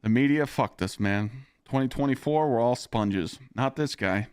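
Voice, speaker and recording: A man's voice: mid-range voice, moderate pace, darkish tone, clean tone, no room sound. A man live-streaming games, chatting casually with his viewers, ranting with lots of swearing and frequent laughter. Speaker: gaming streamer.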